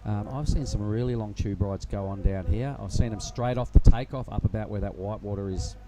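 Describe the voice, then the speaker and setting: A man commentating live surfing in a relaxed, rambling way. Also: fairly low pitch, fairly quick, very noisy. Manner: relaxed, rambling, many fillers. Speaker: surf commentator.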